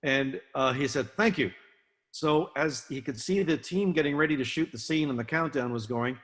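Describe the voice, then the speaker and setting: An older man giving an illustrated talk to an audience, relaxed and anecdotal, with many fillers and restarts. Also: mid-range voice, moderate pace. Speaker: guest speaker, film naval advisor. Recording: long hall reverb.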